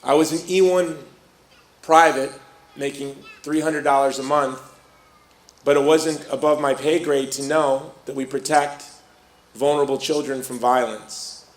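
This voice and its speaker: A man's voice: mid-range voice, measured pace, echoey room. A middle-aged man from Chicago telling a personal story to a live audience, acting out the people he quotes. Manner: lively storyteller who acts out quoted voices. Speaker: speaker.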